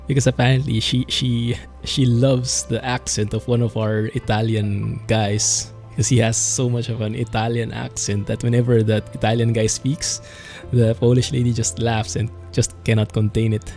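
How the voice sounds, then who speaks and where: A man's voice: mid-range voice, level tone, moderate pace, few pauses, darkish tone, faint music behind. A man streaming a flight simulator, chatting in a rambling, amused way as he flies and talks to viewers. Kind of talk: casual gameplay commentary.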